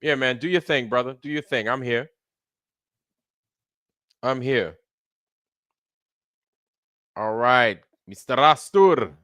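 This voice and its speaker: A man's voice: medium pitch, takes it slowly, long pauses, a bit bright, dry recording, clean studio sound. A man hosting a casual live stream, loose and slangy, greeting viewers by name in a running roll call. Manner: greets viewers by name one after another. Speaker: livestream host.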